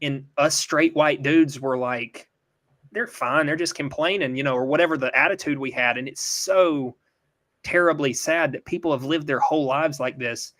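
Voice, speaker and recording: Middle-aged male livestream host, earnest and emphatic, fairly high voice, swears when heated. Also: moderate pace, fairly bright tone. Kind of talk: casual call-in livestream chat.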